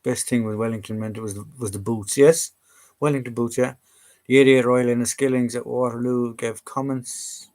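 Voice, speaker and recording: A man's voice: mid-range voice, steady tone, normal speed, darkish tone. Rambling Irish man chatting live. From Ireland. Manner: rambling and chatty, with frequent restarts and fillers. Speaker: live-stream host. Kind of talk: casual live chat. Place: home room full of collectibles.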